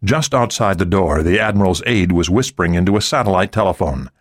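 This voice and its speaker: A man narrating a thriller audiobook in an expressive storytelling style. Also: low-pitched, fairly quick, no room sound, clean studio sound. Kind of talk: scripted narration.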